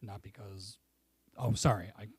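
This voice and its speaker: A man, a construction manager, answering a school board's questions. He speaks plainly and reassuringly and is aware of how loud he sounds. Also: fairly low pitch, fairly even intonation, measured pace, breathy edge, no echo. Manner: plain and reassuring, self-conscious about his volume. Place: public meeting room.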